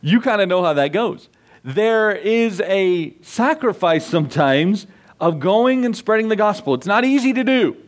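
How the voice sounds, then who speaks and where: A man's voice: high voice, animated, a little slow. A man preaching a sermon as pastor, earnest and folksy, often putting questions to his listeners.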